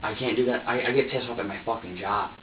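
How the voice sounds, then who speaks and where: A man's voice: medium pitch, steady tone, fast talker. A young man in a police interrogation room pours out an agitated, profane confession, stumbling over restarts as he goes. He sits away from the microphone, so his voice reaches it distant and roomy. The recording sounds dull and muffled, with a faint hum underneath. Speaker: suspect being questioned by police.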